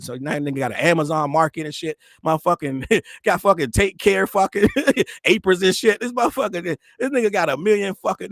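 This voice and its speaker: Fast-talking high-voiced male host. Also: no echo, clean studio sound. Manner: profane, rambling, laughs mid-sentence; mimics other people in quick quotes. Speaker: show host. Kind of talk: casual pop-culture commentary.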